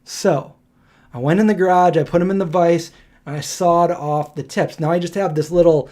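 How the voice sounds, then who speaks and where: Guy in his 40s chatting on a livestream, kinda high voice, mellow, rambly storyteller. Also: moderate pace. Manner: rambling and animated, laughing through his stories. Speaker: live stream host. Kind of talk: casual storytelling on a live stream.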